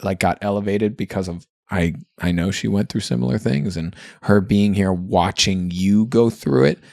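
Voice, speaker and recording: A man's voice: deep voice, moderate pace, creaky, a little mellow, dry recording, studio quality. A man co-hosting a podcast, talking in an earnest, reflective and chatty way with lots of fillers. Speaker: podcast co-host. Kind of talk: candid podcast conversation.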